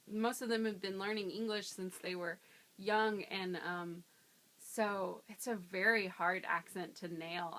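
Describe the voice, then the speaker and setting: A woman in her twenties, an actress, chatting casually in an interview, laughing often and filling pauses with ums. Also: mid-range voice, bright, forceful tone. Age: 20s.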